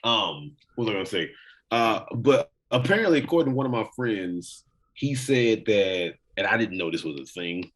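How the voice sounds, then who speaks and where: A man's voice: lowish voice, animated, moderate pace, fairly bright tone. An American man co-hosting a podcast in casual chat, laid-back and rambling, swearing freely. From United States. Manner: laid-back, heavily profane, rambling with restarts. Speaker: podcast co-host.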